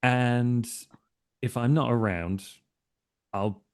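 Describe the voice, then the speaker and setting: A man playing his character in a live tabletop role-play, talking in an easygoing, halting way full of fillers. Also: mid-range voice.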